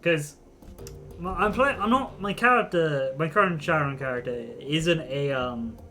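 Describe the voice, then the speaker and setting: A man's voice: a little high, expressive, moderate pace, pushed and bright. Rambling, giggly man streaming a game. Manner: rambling, giggly, with many fillers. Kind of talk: casual gameplay commentary.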